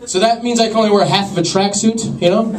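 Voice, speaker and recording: A young man with a fairly high voice delivers a stand-up set in a deadpan, awkward, self-deprecating way. He is recorded from far off in an echoey club, with a loud, laughing crowd and heavy background noise. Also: quick pace. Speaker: stand-up comedian.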